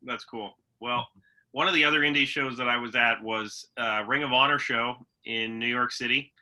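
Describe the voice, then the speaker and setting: A man's voice: mid-range voice, steady tone, normal speed, pushed and bright, rough recording. A man co-hosting a podcast, chatting in an easygoing way with fillers and restarts. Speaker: podcast co-host. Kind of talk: casual chat.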